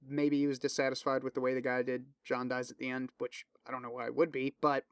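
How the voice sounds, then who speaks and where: A man's voice: mid-range voice, level tone, quick pace, smooth, no room sound. Man, podcast host, casual monologue, swears freely, lots of ums, dry sound. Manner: loose, profane, filler-heavy rambling with restarts; enthusiastic recommending. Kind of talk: casual solo podcast chat.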